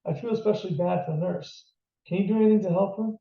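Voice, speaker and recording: A man with a gravelly voice voicing a calm, firm middle-aged police captain in a read-aloud novel, heard from a distance in a roomy space on a dull lo-fi recording. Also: high voice, quick pace, voice pushed up. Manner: calm and authoritative.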